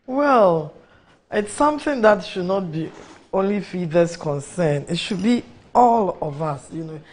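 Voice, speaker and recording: Measured woman interview guest. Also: fairly low pitch, lively intonation, a little mellow. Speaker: guest, head of a women lawyers' federation. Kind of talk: radio interview.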